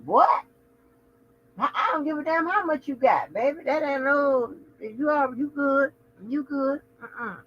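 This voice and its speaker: A woman hosting a casual livestream, chatting with viewers in a sassy, profane way full of animated asides. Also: high-pitched, measured pace, highs cut off. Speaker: channel host.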